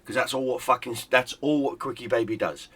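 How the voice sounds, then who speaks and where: A man's voice: mid-range voice, a little fast, fairly bright tone, husky, no echo. A middle-aged man, a gaming YouTuber, in a heated, profane, sarcastic rant. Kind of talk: angry ranting commentary.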